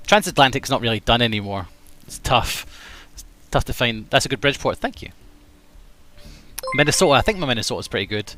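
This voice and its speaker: A man's voice: medium pitch, animated, fast, sharp tone. A man streaming a game, chatting casually and joking about his own attempts at voices. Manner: playful, self-critical, trying out voices. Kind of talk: casual gaming livestream chat.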